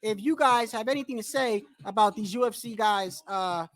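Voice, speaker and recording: Male boxing streamer, high voice, loose profane storytelling, rambles. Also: moderate pace, a bit bright. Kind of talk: casual livestream storytelling.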